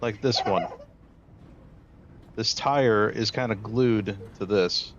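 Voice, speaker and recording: A man with a fairly low voice hosts a relaxed livestream chat. He hesitates now and then and chuckles between thoughts. A faint hiss sits under his voice. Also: slow pace, lo-fi sound. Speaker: livestream host. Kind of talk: casual stream chat.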